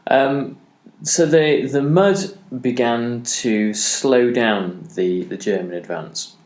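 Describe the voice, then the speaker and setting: A man's voice: medium pitch, a little mellow. A man hosting a history podcast who lectures without a script, stopping often on ums and uhs. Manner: halting, many ums and uhs. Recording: roomy echo.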